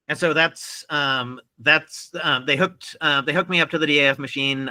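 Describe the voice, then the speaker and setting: A man talking unscripted to camera in a very bright, forward voice. His sentences loop back on themselves with repeated words, restarts, and steady fillers. Phrases tumble out in quick spurts before he catches himself and starts again. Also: medium pitch, clean tone. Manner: many repetitions, restarts and fillers, bursts of speed. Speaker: video creator talking about his speech. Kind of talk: casual unscripted monologue.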